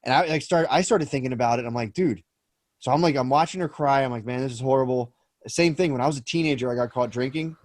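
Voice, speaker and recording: A man's voice: mid-range voice, fast, no echo, studio quality. A man co-hosting a podcast, telling rambling, profane stories in casual chat with lots of restarts. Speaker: podcast co-host.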